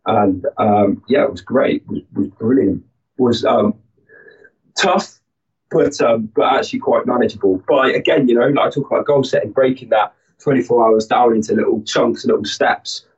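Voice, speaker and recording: A man tells a long story as an interview guest. He rambles and restarts often, with plenty of fillers. His voice sits at a middle pitch and sounds muffled and a bit far from the mic. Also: normal speed. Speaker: guest, army instructor.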